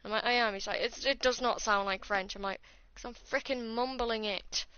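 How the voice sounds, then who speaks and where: A woman's voice: on the high side, fairly even intonation, moderate pace, pushed and bright, slight background noise. A British woman with a Scottish tinge to her accent, chatting casually and swearing freely as she streams a game. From United Kingdom. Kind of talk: casual gaming stream chat. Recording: slightly dull stream audio with game music.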